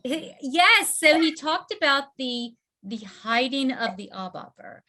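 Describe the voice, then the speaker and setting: A Southern woman hosts a relaxed online book club, chatting loosely with plenty of fillers. Her voice sits fairly high and sounds bright and forceful. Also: a little slow. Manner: chatty, filler-heavy, laughing often. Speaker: host. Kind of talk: casual webinar hosting.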